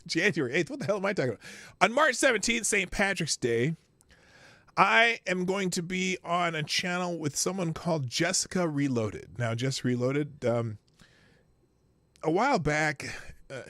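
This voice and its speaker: A man's voice: fairly high pitch, a bit bright, no room sound. A middle-aged man hosting a live commentary stream, rambling in a casual, chuckling way with sing-song asides. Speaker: host of a live commentary show.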